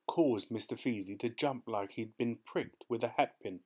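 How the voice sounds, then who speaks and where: Male audiobook narrator, measured storytelling. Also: medium pitch, darkish tone, husky.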